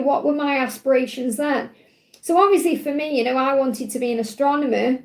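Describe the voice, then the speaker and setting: A woman's voice: high voice, fairly even intonation, normal speed, darkish tone, reverberant. A woman hosting a spiritual live stream, talking in a heartfelt, rambling way with plenty of fillers. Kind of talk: emotional live-stream talk.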